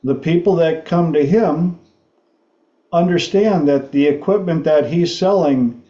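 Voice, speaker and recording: A man hosting a talk show, telling a story slowly and haltingly, laughing often. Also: on the high side, warm tone, reverberant, dull audio. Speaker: host.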